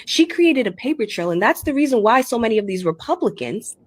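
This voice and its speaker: A woman delivers political commentary with emphatic, storytelling drive. Her pitch swings widely and stays lively. The recording is dry and close. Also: a little fast, husky, no echo.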